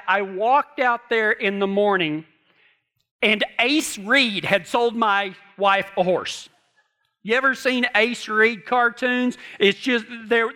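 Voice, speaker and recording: Folksy male storyteller, humorous, rural dialect, high bright tone.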